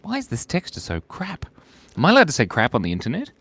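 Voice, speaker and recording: A man's voice: medium pitch, wildly swooping pitch, quick pace, fairly bright tone, husky, dry recording. A man hosting a live drawing stream, chatting casually, joking, laughing often and reading out viewer comments.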